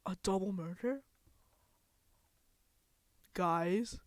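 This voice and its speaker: A woman streamer who reads game text aloud and reacts with expressive, dramatic outbursts. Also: medium pitch, extremely slow, no echo.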